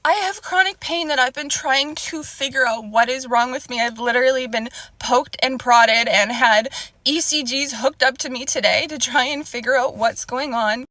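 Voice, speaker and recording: A young woman vents into her phone in an earnest, upset rant. Her voice sits high and bright. The sound is dry and close, with no room around it. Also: normal speed, dry recording. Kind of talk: emotional vlog rant.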